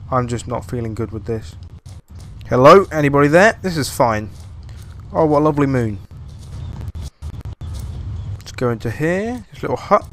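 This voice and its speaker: A young man doing horror-game commentary at an ordinary, middle pitch. He sounds jumpy and panicky, often breaking into loud bursts of alarm, and he hums sing-song tunes to himself to stay calm. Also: a little slow, long pauses, a little hiss or hum. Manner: sing-song humming to calm his nerves. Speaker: gaming YouTuber.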